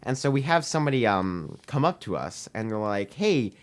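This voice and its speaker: A man's voice: medium pitch, sing-song, moderate pace. Teen guy rambling through a story. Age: teens. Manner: rambling, heavy use of "we're like" and "um". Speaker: podcast guest. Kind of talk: casual anecdote telling.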